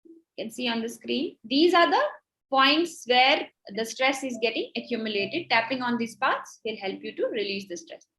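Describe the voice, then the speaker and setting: High-voiced Indian woman guiding a session. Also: lively intonation, normal speed, sharp tone, low-quality recording. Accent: Indian English. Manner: encouraging, instructive, laughs easily. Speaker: workshop facilitator. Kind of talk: guided tapping and breathing exercise.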